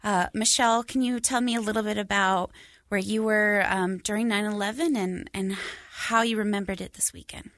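A woman's voice: medium pitch, steady tone, moderate pace, a bit bright, no echo, clean studio sound. A woman, a podcast producer, giving a friendly introduction and prompting the hosts.

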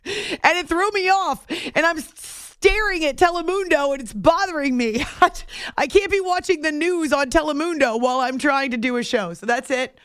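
A woman's voice: a little high, smooth, dry recording, clean studio sound. A woman hosting a late-night sports radio show, talking casually with sarcastic, self-mocking asides. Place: radio studio. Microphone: studio microphone.

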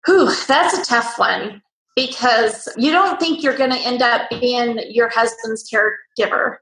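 A woman interview guest telling a personal story in an animated way. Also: on the high side, measured pace, reverberant, a little hiss or hum, low-quality recording. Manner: lively, acts out quoted voices.

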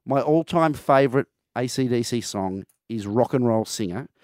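A man's voice: mid-range voice, animated, normal speed, darkish tone, no echo, studio quality. A man co-hosting breakfast radio, chatting passionately with lots of ums and restarts. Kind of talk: casual radio chat. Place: radio studio. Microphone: close studio mic.

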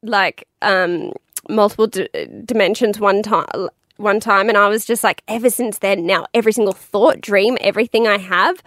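A woman, co-hosting a casual chat, giggling and swearing in quick asides. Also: mid-range voice, fairly even intonation, fairly bright tone, no echo, studio quality. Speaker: podcast co-host.

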